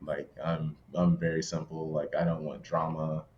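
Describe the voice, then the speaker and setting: A man's voice: a bass voice, monotone, moderate pace, a little hiss or hum. A man with an American accent hosting a podcast, talking in an easygoing, hesitant way full of fillers. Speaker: podcast host. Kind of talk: casual podcast chat. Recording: dull lo-fi audio.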